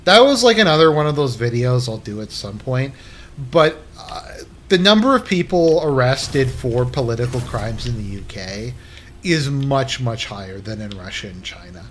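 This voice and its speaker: A man's voice: medium pitch, lively intonation, normal speed, slight background noise. A man livestreaming a game and chatting casually with viewers, rambling with lots of fillers and blunt, crude remarks. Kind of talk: casual chat while gaming.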